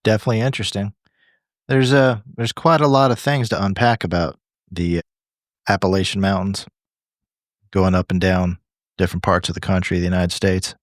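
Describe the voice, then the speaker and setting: Man, low voice, podcast co-host, rambling casual chat, dry close sound. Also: fairly even intonation, normal speed, long pauses, no echo. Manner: rambling, leans on "you know" and restarts.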